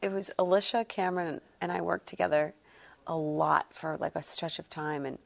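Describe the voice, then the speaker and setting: A woman, a guest actress, recalling moments in halting, laughing speech. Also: fairly low pitch, steady tone, vocal fry. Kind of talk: interview reminiscing.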